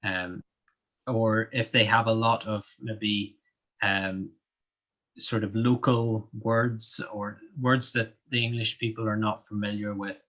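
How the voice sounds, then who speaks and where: A man with a Northern Irish accent explains things patiently, stopping often on "um" as he thinks. His voice has a bright, forward edge. The sound is dull and lo-fi, like an online call. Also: lowish voice, flat delivery. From Northern Ireland. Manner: slow, careful, explaining with many ums. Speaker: guest. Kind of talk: live online interview.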